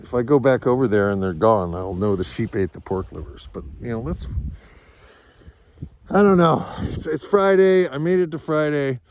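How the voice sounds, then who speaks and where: A man's voice: mid-range voice, moderate pace, darkish tone, no echo. Rambling farmer man outdoors. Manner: rambling, reflective, talks to his dogs. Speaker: sheep farmer. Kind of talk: casual vlog monologue. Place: outdoors on a snowy farm.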